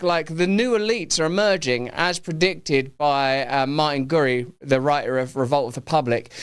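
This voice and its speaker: A man's voice: medium pitch, smooth. A middle-aged English man hosting a live talk show, riffing playfully and rambling with his studio crew. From England. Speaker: host. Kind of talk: casual live show chat.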